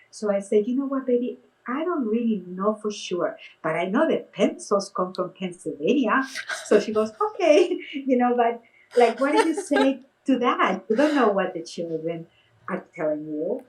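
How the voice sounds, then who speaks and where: A woman's voice: mid-range voice, low-quality recording. A middle-aged woman, a face painter and clown, telling stories in casual conversation and acting out the quotes in a raised voice. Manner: animated, acts out quotes in a raised voice. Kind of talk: casual storytelling.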